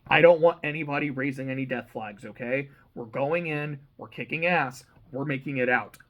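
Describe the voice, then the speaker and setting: A man's voice: mid-range voice, moderate pace, lo-fi sound, lightly acted. A man doing a determined young soldier. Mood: firm. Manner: firm, rallying.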